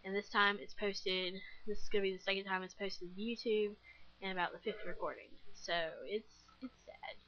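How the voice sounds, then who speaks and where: A woman's voice: medium pitch, fairly even intonation, fairly quick, pushed and bright, lo-fi sound. A nineteen-year-old woman chatting casually while playing a game, rambling with many fillers and self-deprecating giggles. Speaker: gaming vlogger. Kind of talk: casual gameplay commentary.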